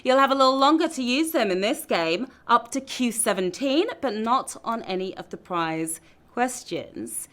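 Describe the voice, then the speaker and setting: A woman's voice: a little high, animated, normal speed, a bit bright. A woman hosting a live trivia game show, reading questions and tossing out playful, teasing quips between answers. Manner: playful, quippy, teasing asides. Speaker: quiz show host.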